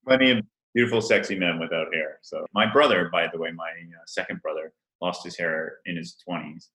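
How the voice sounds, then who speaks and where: Brief: deep, bright-toned man, forties, laughing, animated storyteller, roomy echo. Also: moderate pace. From Rhode Island. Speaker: event planner guest. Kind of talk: casual interview chat.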